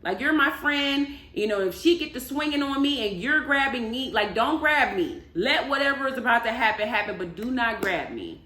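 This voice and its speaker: A woman vlogger talks through a reality-show recap in a loose, chatty way, leaning hard on emphasis as she tells the story. Her voice sits a little high. The room around her echoes. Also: lively intonation, normal speed, few pauses, bright, forceful tone. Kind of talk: casual spoken recap.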